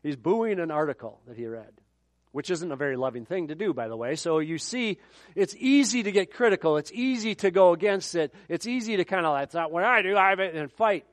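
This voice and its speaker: A man's voice: high-pitched, lively intonation, fairly quick, dry recording. Conversational man preaching. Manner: conversational, joking asides. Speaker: pastor. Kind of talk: sermon.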